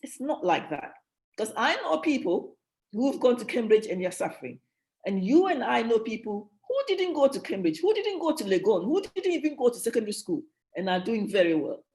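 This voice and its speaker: Woman, church leadership teacher, warm mellow tone, emphatic, repetitive, restarts sentences. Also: fairly high pitch, very animated, fairly quick. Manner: emphatic, repeats key phrases, frequent restarts. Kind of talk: motivational teaching talk.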